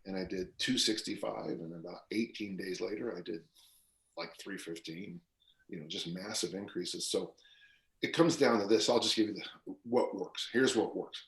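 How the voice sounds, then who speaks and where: Deep-voiced older man telling stories. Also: normal speed, a bit bright. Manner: rambling storyteller with fillers and restarts. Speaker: guest strength coach. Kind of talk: casual podcast interview. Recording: roomy echo.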